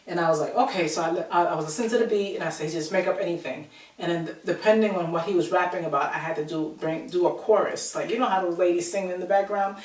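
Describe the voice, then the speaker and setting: A woman's voice: fairly low pitch, fast, recorded from a distance. Chatty woman telling a story, roomy echo. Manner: chatty, animated retelling with quoted voices. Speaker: vlogger. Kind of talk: casual storytelling to camera.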